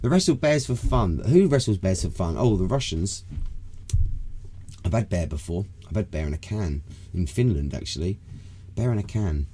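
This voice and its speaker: A man's voice: low voice, animated, normal speed, long pauses, dark tone, a little hiss or hum. A British man co-hosting a podcast in casual, rambling chat, laid-back and swearing freely. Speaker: podcast co-host. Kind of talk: casual chat on a live smoke session.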